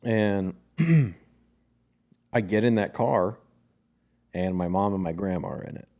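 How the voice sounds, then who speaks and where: A young man co-hosting a casual podcast, telling a long personal story with lots of "like" and the odd curse. His voice sits low and sounds mellow and relaxed. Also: takes it slowly. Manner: recounts a dream, acts out family quotes, swears freely. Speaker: podcast co-host.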